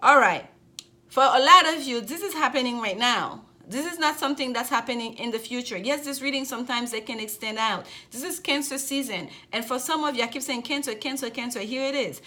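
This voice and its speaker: A woman's voice: high voice, a little fast, hardly any pauses, bright, forceful tone. A woman giving a general tarot reading to camera as the host, talking effusively and repeating her phrases often. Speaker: tarot reader.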